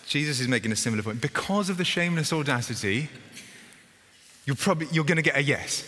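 A vicar preaches a sermon in a sharp-toned, medium-pitched voice, keeping it chatty and informal. He interrupts himself, restarts sentences often, and acts out little stories, all ringing with the long reverb of a church hall.

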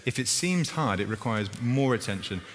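A male pastor giving a conversational sermon, with lively emphasis and wry asides. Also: medium pitch, moderate pace, a little hiss or hum. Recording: reverberant hall with faint ambience.

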